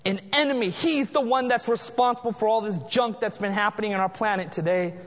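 A man preaching a sermon as pastor, dramatic, dropping to a hush for emphasis. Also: high-pitched, brisk. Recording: muffled sound in a large reverberant hall.

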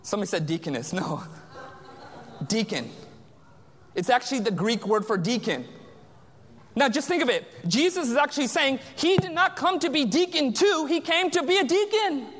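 Male preacher, very high voice, call-and-response delivery, long church reverb. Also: expressive, moderate pace, fairly bright tone. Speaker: pastor. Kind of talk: sermon. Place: large church sanctuary.

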